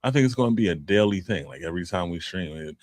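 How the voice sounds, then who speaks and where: A man's voice: low voice, animated, quick pace, crowd noise. A middle-aged man co-hosting a podcast, talking in a laid-back, rambling way with lots of restarts. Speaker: podcast co-host. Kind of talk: casual chat.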